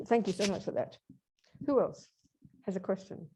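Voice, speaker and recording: A woman's voice: mid-range voice, animated, normal speed, warm tone, slight background noise. A woman teaching a Buddhist workshop, speaking emphatically and directly to her audience.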